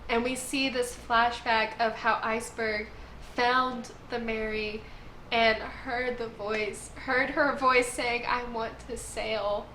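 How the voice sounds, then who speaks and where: Young female reviewer, crisp bright tone, casual and effusive, echoey room. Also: on the high side, level tone, slow. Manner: gushing, emotional fan. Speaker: anime review host. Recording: roomy echo, faint noise.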